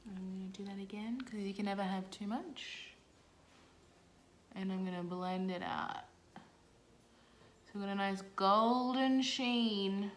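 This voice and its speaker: A woman's voice: mid-range voice, unhurried, pauses often. A young Australian woman talking viewers through her makeup in a casual, playful tutorial. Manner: chatty, playful asides to viewers. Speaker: beauty vlogger. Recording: roomy echo, faint background noise.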